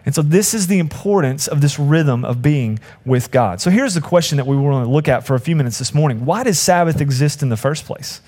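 A man's voice: on the high side, animated, fairly quick, few pauses, dark tone. A man preaching a conversational sermon as pastor, acting out quoted voices with humor.

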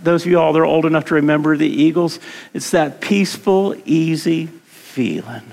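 A man's voice: fairly high pitch, moderate pace, gravelly, a little mellow. A middle-aged man preaching a sermon in a conversational way, repeating words and asking his congregation questions. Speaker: pastor. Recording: long hall reverb.

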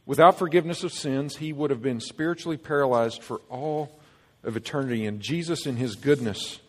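A man preaching a sermon in a long, ringing hall reverb, his voice at an ordinary middle pitch. He delivers it earnestly, pushing some lines loud and letting others fall soft and low. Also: a little fast. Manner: earnest, emphatic preaching with swings between loud and hushed. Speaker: pastor.

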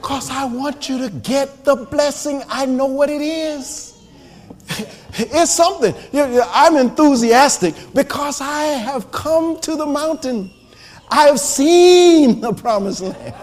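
Male minister with a very high voice, delivering a fervent sermon and shouting for emphasis. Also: slow.

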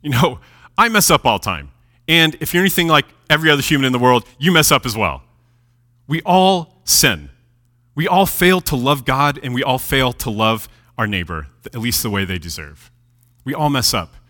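A man preaching a sermon, reading scripture aloud and explaining it with animated delivery, dropping his voice low at key moments. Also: moderate pace. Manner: lively, animated preaching with dramatic drops in volume. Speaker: pastor. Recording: long hall reverb.

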